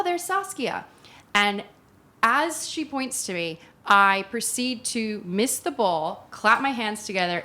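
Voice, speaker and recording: Australian woman co-host, young adult, chatty and animated, slips into voices when quoting. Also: mid-range voice. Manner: animated storytelling, acts out quoted voices, laughs often. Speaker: podcast co-host. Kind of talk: casual chat.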